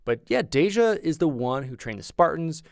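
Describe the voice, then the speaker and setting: A man's voice: fairly high pitch, big pitch swings, moderate pace, vocal fry, no room sound, studio quality. A man co-hosting a casual gaming podcast, chatty and enthusiastic, with many restarts. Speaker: podcast co-host.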